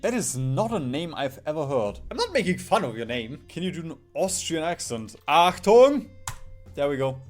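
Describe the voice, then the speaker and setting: A young man from Germany giving casual, sarcastic commentary while playing a strategy game, swearing and reacting loudly to what happens on screen. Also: a little high, sing-song, fairly quick, hardly any pauses, soft background music. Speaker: game streamer.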